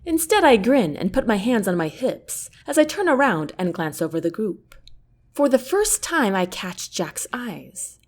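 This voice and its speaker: A woman narrating a first-person novel as an audiobook, with an expressive, character-driven delivery. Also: mid-range voice, unhurried.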